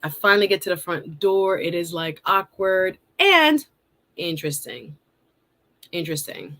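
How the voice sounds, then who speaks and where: A woman, hosting a live stream and telling a story in a casual, animated way. She laughs often and acts out her own lines. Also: on the low side, a little slow. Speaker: host.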